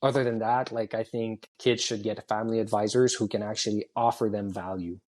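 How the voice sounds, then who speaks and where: A man's voice: on the low side, flat delivery, fairly quick, darkish tone. A man from Canada, a former junior hockey player, giving earnest advice in a casual interview chat, often repeating his key points.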